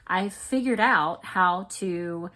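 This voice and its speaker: A woman, a crochet vlogger rambling excitedly in casual chat to her viewers. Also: fairly low pitch, slow pace. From Florida, US.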